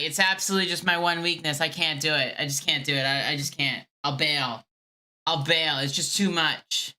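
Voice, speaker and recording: Bright-voiced exasperated woman streamer. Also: sits low, steady tone, moderate pace. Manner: exasperated, repeats herself, laughs. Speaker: streamer calling scammers. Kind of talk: casual live-stream chat.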